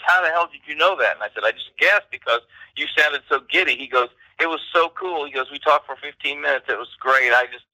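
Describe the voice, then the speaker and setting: A man co-hosting a casual podcast chat, telling anecdotes in a lively way with quoted voices. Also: mid-range voice, no echo, low-quality recording. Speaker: co-host.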